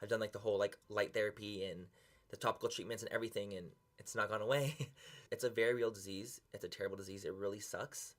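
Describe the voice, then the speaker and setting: A man's voice: lowish voice, steady tone, fast. A young man talking earnestly and emotionally to camera in a confessional vlog, close to tears and swearing casually. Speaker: beauty vlogger.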